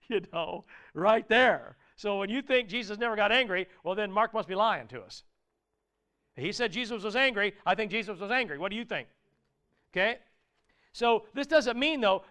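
A man preaching a sermon in an earnest, conversational way, breaking into sudden loud exclaimed asides. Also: high voice, clean tone.

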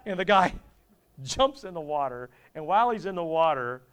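A man's voice: a little high, animated, moderate pace, fairly bright tone, smooth. Joking, conversational male preacher. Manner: humorous, conversational, asks the congregation. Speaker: pastor. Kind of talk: sermon.

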